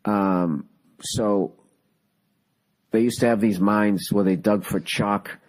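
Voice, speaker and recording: A man in his forties with a Boston accent, hosting a podcast and talking in a loose, profane, rambling way. His voice sits a bit low, and he cracks jokes as he goes. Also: steady tone, slow pace. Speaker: podcast host. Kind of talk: casual chat.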